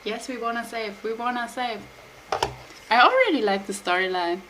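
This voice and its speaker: A woman's voice: fairly high pitch, lively intonation, moderate pace, background noise. A woman streamer giving casual, chatty and giggly commentary while playing a game. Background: game music.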